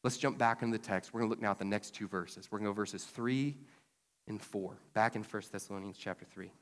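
A man's voice: fairly low pitch, a little fast. A man preaching a sermon as pastor, chatty and conversational, with sudden emphatic bursts. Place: church sanctuary. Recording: long hall reverb.

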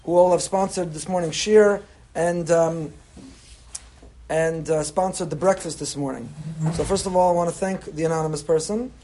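High-voiced man teaching a Torah class. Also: normal speed, slight background noise. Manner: warm, chatty teaching with Hebrew terms. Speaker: rabbi teaching a weekly class. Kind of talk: Torah class talk to a live group. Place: room with a breakfast crowd.

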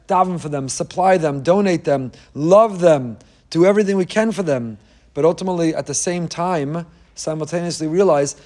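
A middle-aged man preaches a fervent sermon in a somewhat high-pitched voice. He keeps posing rhetorical questions and weaves in Hebrew quotations as he urges his listeners. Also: a little mellow. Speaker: rabbi giving a Torah class.

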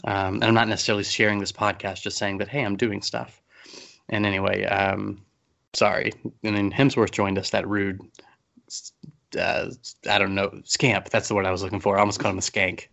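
A man's voice: fairly low pitch, level tone, brisk, vocal fry, a bit bright. A man co-hosting a podcast in casual chat, joking and rambling with self-deprecating asides. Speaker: podcast co-host. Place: basement at home.

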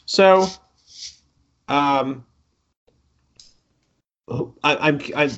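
A man with a Brooklyn accent, speaking at a fairly high pitch with drawn-out words and a fairly bright tone, is interviewed about the game he designs. He's thoughtful and jokey and often restarts his phrases in this conversational, lo-fi recording.

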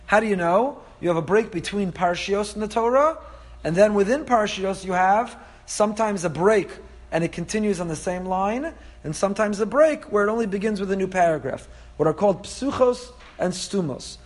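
Rabbi teaching Torah: high male voice, animated, explanatory, full of Hebrew terms. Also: moderate pace. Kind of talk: Torah class lecture.

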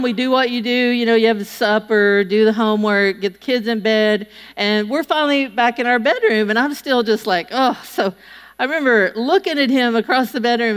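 A woman's voice: fairly high pitch, clean tone. A middle-aged woman giving a humorous speech to an audience as a public speaker, chatty and folksy, acting out the people she quotes. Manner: chatty, folksy, acts out quotes with lively voices. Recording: long reverb of a large hall.

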